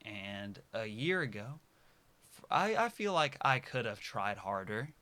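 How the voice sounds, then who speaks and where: A man in his early twenties talking casually to his viewers, rambling and correcting himself, dropping to soft mutters and then bursting out loud. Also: on the low side, sing-song, a little slow. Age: early 20s. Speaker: vlogger. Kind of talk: casual personal monologue to camera.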